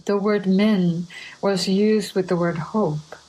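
Slow, deliberate woman preaching. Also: mid-range voice, steady tone, warm tone, rough recording. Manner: measured, deliberate scripture reading. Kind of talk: slow sermon reading.

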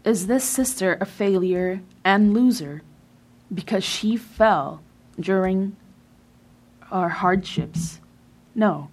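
A woman reading a translated sermon in a measured way, with emphatic pauses. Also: medium pitch, a little mellow. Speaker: sermon reader.

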